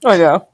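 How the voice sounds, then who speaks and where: A woman co-hosting a casual podcast chat, speaking slowly and laughing often. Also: on the high side. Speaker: podcast co-host.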